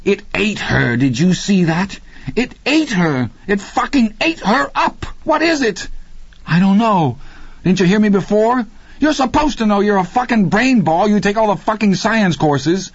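A man's voice: mid-range voice, big pitch swings, normal speed, hardly any pauses, slightly rough, dry recording, highs cut off, pitched above the performer's own voice. A man doing Deke, a brash bossy teen boy. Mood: panicked shouting. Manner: swaggering, threatening, swings into shouting panic. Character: brash tough teenage boy, bossy and volatile.

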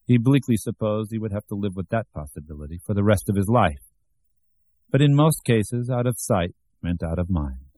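Man reading an audiobook, low mellow voice, bit husky, dry close mic. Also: expressive, normal speed, no echo. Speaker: audiobook narrator. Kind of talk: scripted narration.

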